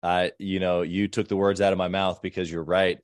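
Brisk and flat in delivery, a podcast host speaks with a low, clear, resonant voice in a dry studio-quality recording. During the interview he stays conversational and agrees with his guest again and again.

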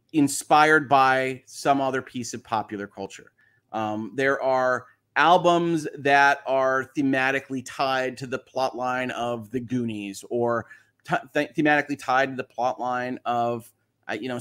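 A man's voice: medium pitch, a bit bright. Guy rambling on his livestream, lots of ums and restarts, answering chat. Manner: chatty, thinks aloud with fillers and restarts; reads viewer comments aloud. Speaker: livestream host.

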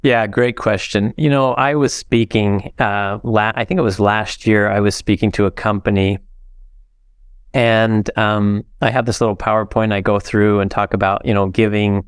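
Smooth-voiced older man telling stories. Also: lowish voice, steady tone, moderate pace, no room sound. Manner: earnest, heartfelt storytelling. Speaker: podcast guest. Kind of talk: interview storytelling.

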